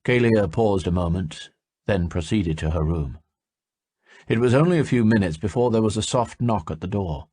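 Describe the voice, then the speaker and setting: A man narrating a fantasy audiobook in a steady storytelling manner. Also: lowish voice, moderate pace, breathy edge, no room sound, clean studio sound. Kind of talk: scripted narration.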